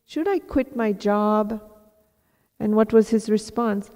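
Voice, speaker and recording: Woman from India, spiritual teacher, slow storytelling, mellow tone, long hall reverb. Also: medium pitch. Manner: reflective, self-mocking, quotes herself in asides. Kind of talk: storytelling talk to a live audience.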